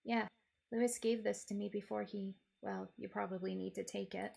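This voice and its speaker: A terse young male agent in a game story, as a woman streamer puts him on, curt and matter-of-fact. The voice carries a gravelly edge. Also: mid-range voice, flat delivery, moderate pace, a little mellow.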